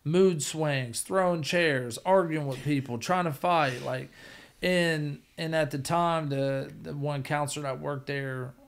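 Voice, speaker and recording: Gravelly man telling a blunt story. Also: a little high, slow. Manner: blunt, profane, rambling recovery story. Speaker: podcast guest. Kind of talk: casual storytelling.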